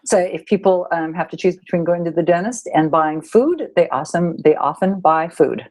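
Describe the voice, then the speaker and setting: A woman co-hosting a podcast in casual chat, playful and quick to laugh. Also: on the low side, a little mellow. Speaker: podcast co-host and teacher.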